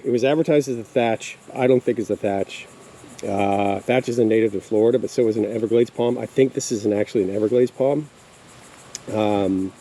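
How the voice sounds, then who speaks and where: In a warm, mid-range voice, a man offers a rambling, casual walking tour of his backyard garden, hesitating a lot with fillers. The low-quality audio picks up faint outdoor insect noise.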